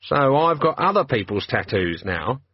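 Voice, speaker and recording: A man's voice: mid-range voice, big pitch swings, normal speed, breathy edge, dry recording, highs cut off. A man playing a nervous, gloomy middle-aged watch sergeant who quavers. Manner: quavering, anxious.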